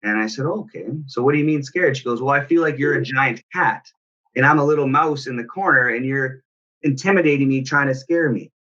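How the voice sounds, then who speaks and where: A man's voice: medium pitch, brisk, sharp tone, lo-fi sound. A man, a parenting coach, telling a personal story in an earnest, reflective way. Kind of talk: personal story in casual talk.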